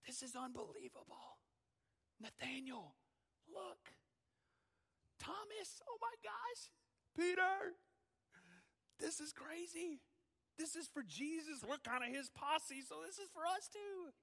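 A man's voice: very high voice, a little slow, long reverb tail, voice pushed up, heavily acted. A pastor voicing an eager, bewildered young male disciple in a sermon. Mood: excited. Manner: animated, questioning, raised voice.

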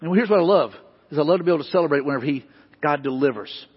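A pastor with a high, husky voice delivers a very fast sermon, hammering repeated questions and rising in emphatic bursts. The dull, lo-fi recording carries the long reverb tail of a church sanctuary.

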